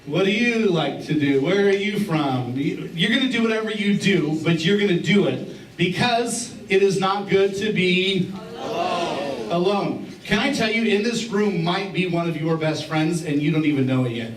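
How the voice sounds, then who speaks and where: A man's voice: high-pitched, animated, normal speed. A middle-aged man preaching a sermon as a pastor, in a conversational, joking way, repeating key phrases. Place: church sanctuary. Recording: roomy church sound from a distance.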